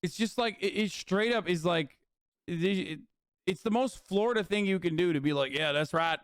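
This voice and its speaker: A man's voice: sits high, moderate pace, no room sound, studio quality. A man hosting a livestream in casual chat, ranting, mocking and swearing freely. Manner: reads viewer messages aloud. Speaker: streamer host.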